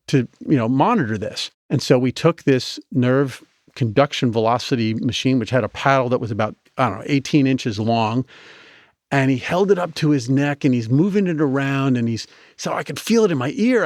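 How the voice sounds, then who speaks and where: Male guest, animated storyteller, restarts a lot, mid pitch, dry close mic. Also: no room sound. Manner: animated, chatty, with many restarts. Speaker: guest, medical device inventor. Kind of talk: storytelling in a podcast interview.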